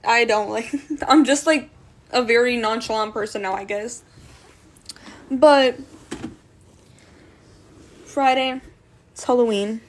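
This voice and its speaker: Casting note: woman with a higher-pitched voice, casual storytime vlogger, blunt and slangy, swears a lot. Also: slow pace, pauses often. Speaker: storytime creator.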